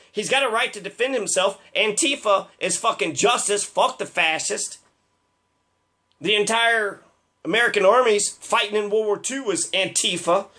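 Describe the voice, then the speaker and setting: Casting note: man, higher-pitched voice, impassioned and profane, rambling political rant full of fillers. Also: fairly bright tone.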